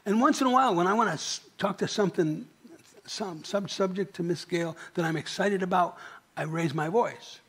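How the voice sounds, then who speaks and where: This pastor's voice is high and slightly rough, moving at a normal speed. He preaches in a church in a conversational way, engaging the congregation and putting questions to them.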